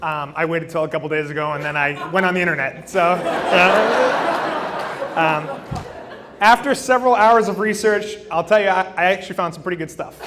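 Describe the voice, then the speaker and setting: At a noisy wedding reception, a man in his thirties gives a best man toast to a live crowd on a handheld microphone. His voice sits high and his pace is normal as he jokes at his own expense, using frequent fillers and restarting sentences often.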